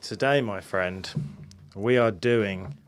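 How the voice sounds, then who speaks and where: A man's voice: lowish voice, takes it slowly. A man co-hosting a podcast, chatting casually and joking, laughing easily. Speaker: podcast co-host. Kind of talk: casual chat.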